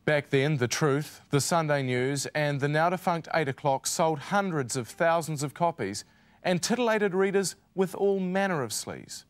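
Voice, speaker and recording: A man's voice: on the high side, expressive, moderate pace, no echo. A man giving scripted satirical documentary narration in a wry, ironic way. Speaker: narrator and presenter. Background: music.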